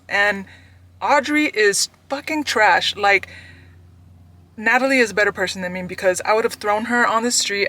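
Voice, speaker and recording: A woman's voice: medium pitch, bright, forceful tone. A young woman, ranting profanely and emphatically about a book she is reading in a casual vlog. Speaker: book vlogger.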